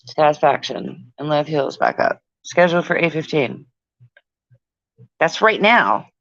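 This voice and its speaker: A woman's voice: deep voice, expressive, unhurried, gravelly, a bit bright, no room sound. A woman on a casual livestream, profane and exasperated, muttering to herself as she goes. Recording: dull lo-fi sound.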